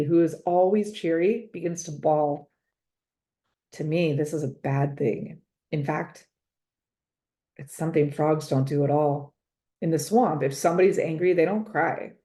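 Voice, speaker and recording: A woman reads a children's storybook aloud in a lowish, mellow voice, narrating expressively and drawing words out for effect.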